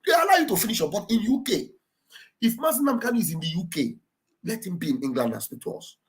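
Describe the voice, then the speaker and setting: A woman hosting an online show, giving fervent, repetitive political commentary that often rises to shouting. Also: medium pitch, very animated, fast.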